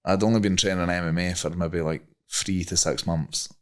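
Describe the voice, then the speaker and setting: A man's voice: low voice, steady tone, normal speed. A young Scottish man, a podcast guest, telling a rambling story casually, swearing freely and using many fillers. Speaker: guest, MMA fighter.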